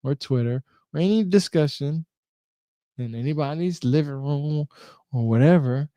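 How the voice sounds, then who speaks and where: A man talks on a live stream in a casual, animated way, circling back and repeating his points. His voice sits a little high for a man yet sounds dark and mellow. It is recorded close and dry, with no room around it. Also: normal speed, no echo. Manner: animated, repeats himself, jokes and swears casually. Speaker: host. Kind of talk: casual live-stream talk reading from a book.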